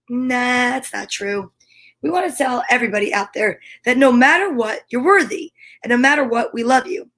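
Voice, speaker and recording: A middle-aged woman hosting a home story time, talking warmly and encouragingly straight to her viewers. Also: fairly high pitch. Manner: warm encouraging, gushing, talks straight to viewers. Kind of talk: upbeat video chat to viewers. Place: home room by a window. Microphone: camera with ring light.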